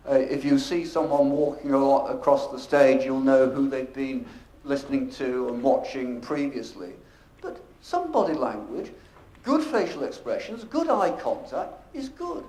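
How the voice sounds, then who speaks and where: A professional speaker gives a conference presentation on stage in a convention function room, using a handheld or stage microphone in an echoey space. His fairly high, slightly mellow voice has a measured, emphatic delivery that shifts in volume and pace.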